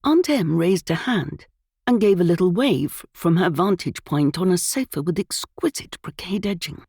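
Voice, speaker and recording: A woman narrating a cozy mystery audiobook with lively, expressive storytelling. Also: on the low side, normal speed, slightly rough, dry recording, studio quality.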